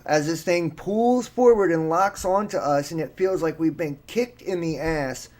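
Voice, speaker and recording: A man's voice: fairly high pitch, darkish tone. A man commenting on viral videos with dramatic, mocking conspiracy talk about an approaching planet. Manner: dramatic, mocking, slow and emphatic. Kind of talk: conspiracy commentary over clips.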